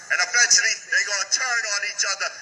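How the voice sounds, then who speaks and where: A man preaching in call-and-response style, forceful, calling for scripture and echoing each line back. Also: sits high, fairly even intonation, quick pace. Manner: forceful, calls for scripture readings, repeats lines back with "come on". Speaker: street preacher.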